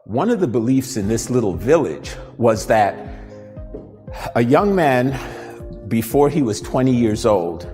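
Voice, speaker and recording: A man hosts a talk as an animated, conversational storyteller, with a medium pitch. His voice rings with a long reverb, and faint music runs beneath it. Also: a little slow. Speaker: host and motivational speaker. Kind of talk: storytelling talk with a live demonstration.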